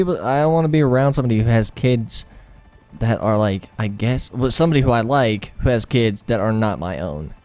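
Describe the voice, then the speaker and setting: A man's voice: fairly low pitch, a little mellow, clear, resonant tone. A young man telling a personal story over gameplay in a rambling, profane, frank way. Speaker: gaming storyteller.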